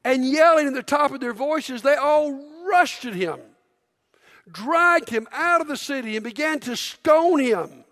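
A middle-aged man preaching a sermon in a church, energetic and conversational, prompting the congregation. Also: very high-pitched, a little slow. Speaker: pastor. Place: church auditorium. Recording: long hall reverb.

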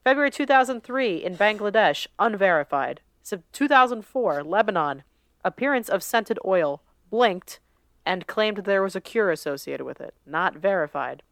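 A woman's voice: mid-range voice, animated, moderate pace, a bit bright, no echo, studio quality. A woman co-hosting a casual podcast, reading through a list with loose asides and laughs. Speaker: podcast co-host.

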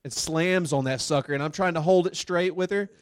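A man telling a long work story in a loose, rambling way and acting out the people in it. His voice sits a bit high for a man. The sound is dry and close, with no room in it. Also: brisk, clean tone, no echo. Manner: animated, rambling with fillers, acts out quotes. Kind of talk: casual storytelling chat.

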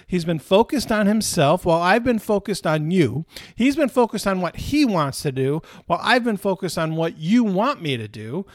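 Man playing an indignant older brother in a retold parable, slightly high, dry sound. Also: no echo. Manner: indignant, rising to exclaim.

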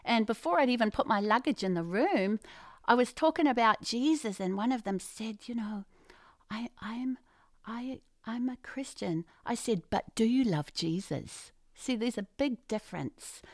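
High-voiced, exuberant Christian woman. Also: expressive, moderate pace, no room sound, clean studio sound. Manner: exuberant, bursts into loud quoted exclamations, drops to near whispers. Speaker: guest sharing faith stories. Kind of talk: enthusiastic Christian testimony.

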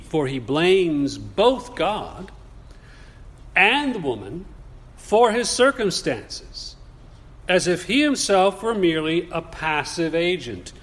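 A male preacher delivering a sermon at an unhurried pace. His voice sits somewhat high and carries a long echo from a large hall. He speaks deliberately, turning often to the congregation with questions. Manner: measured, slow and deliberate, with rhetorical questions to the congregation.

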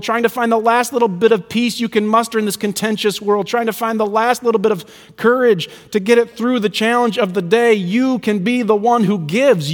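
A male pastor preaching a sermon with rhythmic repetition, swinging between soaring lines and hushed ones. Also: sits high. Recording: long reverb of a large hall.

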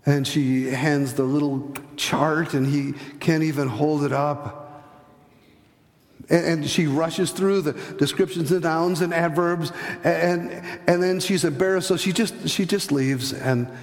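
A male pastor tells stories from the pulpit, voicing the people in them and sinking soft and low on his key lines. His voice sits a bit high with a gravelly edge. It rings out with a long reverb, as in a big hall. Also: steady tone, measured pace. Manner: storytelling, acts out voices in anecdotes; hesitant restarts, drops to soft low tones for emphasis. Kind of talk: sermon.

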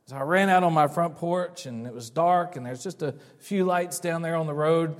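A middle-aged male pastor with a high voice, preaching in an easy, storytelling way that keeps doubling back on its words. His sermon rings out with a long church reverb. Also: normal speed, hardly any pauses. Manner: conversational storytelling with frequent restarts.

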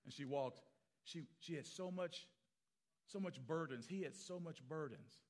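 A man preaching as pastor, telling stories animatedly and acting out the people he quotes, swinging from loud to hushed. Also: on the high side, unhurried. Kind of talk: sermon storytelling.

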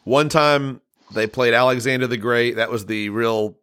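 A man's voice: mid-range voice, normal speed, fairly bright tone, smooth. A man with a mid-range voice chatting easily, making fun of himself as he recalls a missed chance. His sentences wander and trail off in an easygoing way. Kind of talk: casual conversation.

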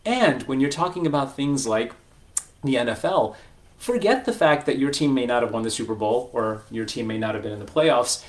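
A man's voice: medium pitch, animated, normal speed. A man who works as a financial advisor talks to camera in a chatty, joking way, full of asides. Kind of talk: casual talking-head video.

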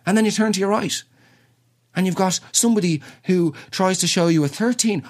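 A man with an Irish accent telling a comic story in a quick, sweary, exaggerated rant. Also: sits high, animated. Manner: rapid, sweary, exaggerated rants. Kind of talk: comedic storytelling monologue.

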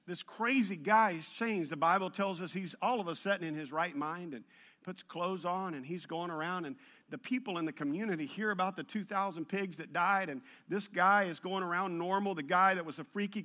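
A man preaching a sermon, telling the story in an animated, humorous way that builds in intensity. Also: sits high. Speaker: pastor.

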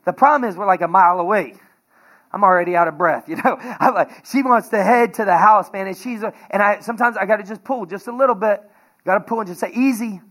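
A man preaching a sermon as pastor, energetic and conversational, telling everyday stories with laughter. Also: high-pitched, fast talker.

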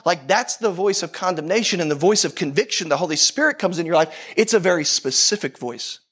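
High-voiced man preaching a conversational sermon. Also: animated, moderate pace, hardly any pauses, a bit bright. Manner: conversational preaching with repeated phrases. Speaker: pastor.

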